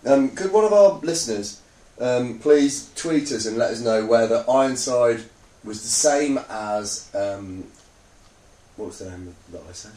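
A man's voice: medium pitch, lively intonation, measured pace, a little mellow, recorded from a distance. A man co-hosting a podcast, casual and hesitant, with a dry sense of humor. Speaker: podcast co-host. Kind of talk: casual chat. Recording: roomy sound, somewhat off-mic.

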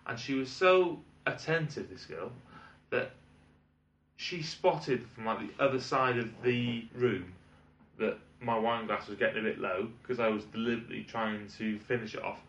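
The speaker is a man from Britain, medium in pitch, with a moderate pace and fairly bright tone. Chatting casually, he tells a long restaurant anecdote, exasperated, rambling and swearing throughout in a British English accent. The recording has a dull, lo-fi, roomy and distant sound.

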